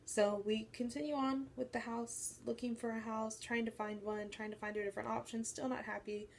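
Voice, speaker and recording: A young woman telling a personal faith story to her viewers, animated and acting out what people said. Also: a little high, moderate pace, gravelly, a little hiss or hum. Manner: animated storytelling, acts out quoted voices. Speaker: faith vlogger. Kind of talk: personal testimony to camera.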